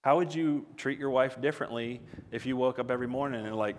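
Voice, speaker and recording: A man's voice: mid-range voice, fast talker, few pauses, long reverb tail, slight background noise. A man, a father, preaching a sermon in an earnest, conversational way that builds to emphatic peaks. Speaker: pastor.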